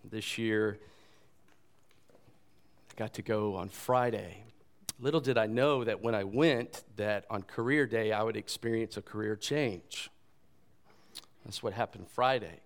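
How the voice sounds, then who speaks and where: A man in his thirties or forties, a pastor giving a sermon in a conversational, animated storytelling way. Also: on the low side, a little slow, long pauses.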